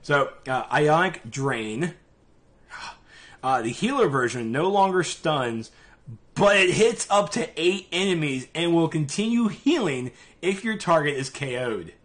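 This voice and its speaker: A man with a Southern US accent hosts a laid-back gaming podcast. His voice sits a little high for a man, and he talks in a loose, chatty way. His words slur together into a mumble now and then. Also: expressive, normal speed, fairly bright tone. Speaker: podcast host. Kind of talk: casual gaming podcast chat. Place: live-streamed podcast.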